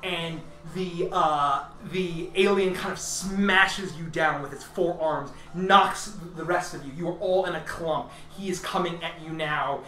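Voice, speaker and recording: A man's voice: a little high, unhurried, few pauses, pushed and bright. A man narrating as game master in a loose, laughing way with many fillers, recorded far from the mic in an echoey room.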